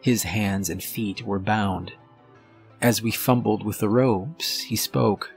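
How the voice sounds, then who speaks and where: A man narrating a horror story in a measured, steady storytelling manner. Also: lowish voice, vocal fry, faint music behind. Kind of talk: scripted narration.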